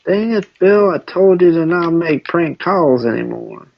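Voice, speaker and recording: A man's voice: on the high side, lively intonation, unhurried, creaky, no echo, pitched above the performer's own voice, full character voice. A man voicing an exasperated middle-aged cartoon dad who scolds in a drawl, on a dull lo-fi recording.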